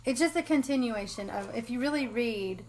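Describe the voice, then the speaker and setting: A woman's voice: on the high side, expressive, moderate pace, low-quality recording. Woman co-hosting a live bible study, earnest and giggly, light background hiss. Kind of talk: casual Bible talk.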